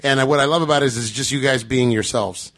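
A man hosts a podcast in quick, chatty bursts. His talk is loose and friendly, with many restarts and repeated words. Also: medium pitch, a bit bright. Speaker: podcast host. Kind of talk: casual podcast chat.

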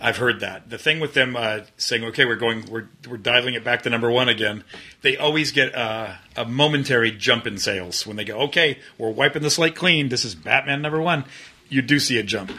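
A man co-hosting a casual podcast, relaxed and agreeable, trailing off with fillers. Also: medium pitch, brisk, husky. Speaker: podcast co-host. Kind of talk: casual chat.

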